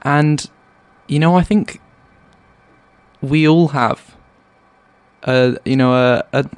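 A man co-hosting a comedic podcast, musing in a hesitant, deadpan way. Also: medium pitch, takes it slowly, no echo. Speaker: podcast co-host. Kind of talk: casual comedic podcast chat.

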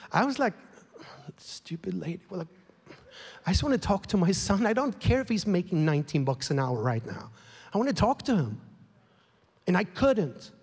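A man's voice: high voice, slightly rough. Man, pastor, sermon, emotional and heated, reverberant hall. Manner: emotional, grows louder and more heated, whispers at times. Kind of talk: sermon storytelling.

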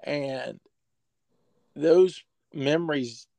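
A man who works as a sports information director, telling a story emotionally and haltingly, with many fillers. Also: on the high side, gravelly, warm tone, no echo. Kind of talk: storytelling in an interview.

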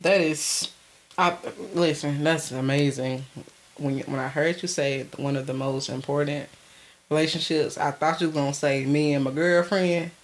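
A woman with a fairly low voice co-hosts a casual podcast. She jokes around and rambles away from the topic. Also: steady tone, normal speed. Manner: joking, rambling, goes off topic. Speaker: podcast co-host. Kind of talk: casual chat.

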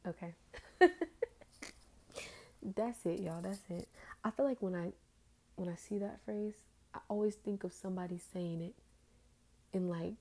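A woman's voice: on the low side, mellow. A tired woman hosting a casual, rambling faith talk, trailing off into fillers.

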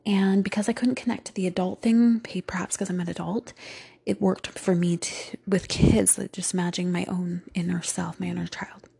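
A woman hosting a gentle self-help talk, rambling with many fillers and slipping into whispered asides. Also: lowish voice, little pitch movement, moderate pace, creaky, breathy edge. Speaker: host.

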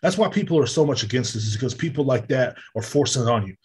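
A man's voice: mid-range voice, animated, fast, slightly rough. A man, hosting a podcast in a heated, profane solo rant. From Texas. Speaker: podcast host. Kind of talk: casual monologue.

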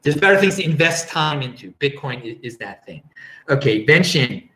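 This livestream host has a mid-range, sing-song voice with a fairly bright tone and talks at normal speed. The audio is poor and echoey. He rambles through viewer comments in a relaxed way, frequently laughing and breaking off partway through his sentences.

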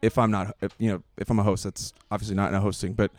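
A man's voice: lowish voice, flat delivery, very fast, a little mellow, no room sound. A man who is a comedian, chatting casually on a podcast, thinking aloud in long winding sentences with fillers.

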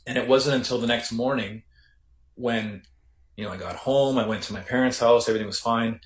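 A Canadian man, a former correctional officer, recounting his story in a reflective, halting way with many restarts. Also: mid-range voice. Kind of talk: casual storytelling interview. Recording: roomy echo.

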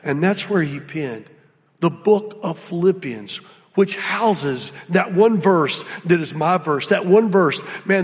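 Animated preacher man in a big hall. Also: high-pitched. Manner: animated storytelling, folksy, drops to hushed awe. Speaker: guest speaker. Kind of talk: sermon. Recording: hall reverb.

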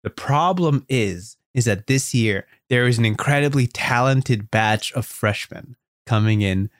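Man, podcast host, improvised storytelling, animated, dry sound. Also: medium pitch, measured pace, dry recording. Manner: animated, rambling with fillers.

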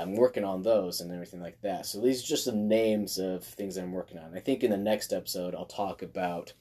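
A man's voice: low voice, dark tone. A young man hosting his own podcast, giving a casual, rambling update full of fillers and self-corrections. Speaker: podcast host.

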